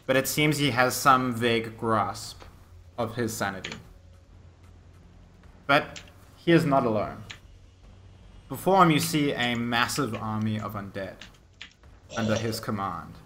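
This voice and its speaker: A man running a tabletop game as game master, describing each scene vividly. He often restarts his phrases. His voice has a bright, forward edge. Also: mid-range voice, measured pace, long pauses, a little hiss or hum.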